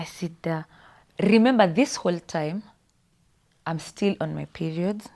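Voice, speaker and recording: A young woman with a Kenyan accent, a podcast guest telling a personal story in a studio, often sinking into a breathy whisper. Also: lowish voice, a little slow, pauses often, a little mellow. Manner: often drops to a breathy whisper, switches between English and Swahili slang.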